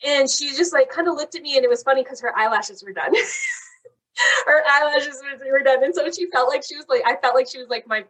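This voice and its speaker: A young woman casually telling a long story on a chat podcast, animated and saying "like" constantly. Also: high-pitched, fairly quick. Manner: animated, fills talk with "like". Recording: voice a bit far from the mic.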